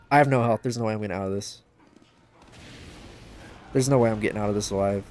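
A man casually commenting on a game livestream and reading chat aloud, joking at his own expense and yelping out loud during play. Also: a little fast, pauses often, soft background music. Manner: excitable, bursts into high yelps during play; self-deprecating, joking. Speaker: gaming livestreamer.

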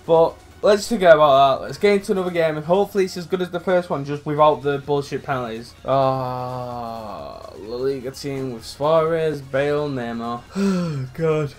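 A young man commentating on his own football video game match, sweary and excitable, swinging from low mutters to loud outbursts. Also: normal speed. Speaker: gaming YouTuber.

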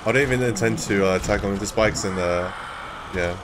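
A man's voice: on the low side, fairly quick. Guy streaming a game, rambly, lots of ums and giggles, hissy noisy mic. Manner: rambling and apologetic, laughs often, many ums. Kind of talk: casual live-stream chat.

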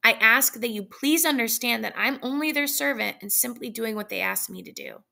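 A woman's voice: a little high, very animated, moderate pace, creaky, sharp tone, exaggerated voice. A woman voicing an uneasy, formal male messenger bringing bad news in a read-aloud story.

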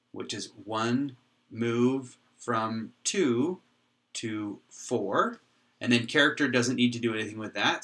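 A man giving a whiteboard tutorial on how his software works, thinking aloud with frequent restarts and pauses. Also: mid-range voice. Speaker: software developer explaining his code. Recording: voice from a distance off the mic.

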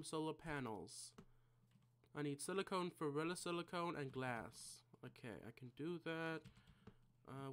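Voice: medium pitch, a little slow, a little hiss or hum. A gaming channel creator giving casual gameplay commentary, mumbling and thinking aloud to themself at a desk mic.

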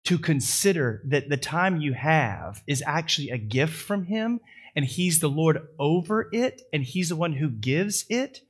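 A male pastor preaching a sermon with folksy asides, building to loud, high-pitched swells at the climaxes. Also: animated, a little slow, breathy edge.

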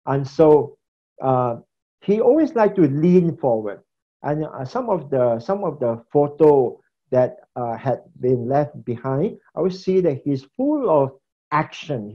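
A man with a fairly high voice gives a recorded lecture on preaching. He talks loosely and repeats phrases as he gestures. The sound is dull and lo-fi, from a laptop mic. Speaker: preaching instructor. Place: indoors at a laptop.

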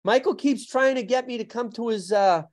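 A man as a podcast guest, telling animated stories in casual talk, laughing often and acting out other people's lines. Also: very high voice, normal speed. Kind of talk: casual storytelling.

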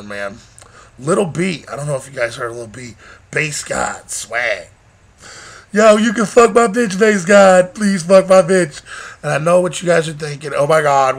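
Young man, casual vlog, crude jokes, profane, rambling, gravelly, bright edgy tone. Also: mid-range voice. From Michigan, USA. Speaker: vlogger.

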